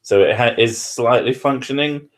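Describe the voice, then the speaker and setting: A man's voice: medium pitch, normal speed. A man, hosting a live stream from his living room with crude, self-mocking banter. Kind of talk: casual live-stream chat.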